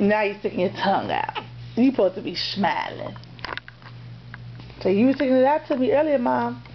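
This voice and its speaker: A woman's voice: on the high side, expressive, moderate pace, long pauses, slight background noise. A woman filming a baby at home, cooing at the child in sing-song baby talk, on a dull lo-fi camcorder recording.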